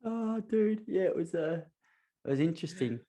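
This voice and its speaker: A man's voice: high-pitched, expressive, normal speed, dark tone. A man hosting a podcast, chatting casually with rambling, self-mocking stories. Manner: rambling anecdotal storytelling with self-mocking humor. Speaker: podcast host. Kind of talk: casual chat.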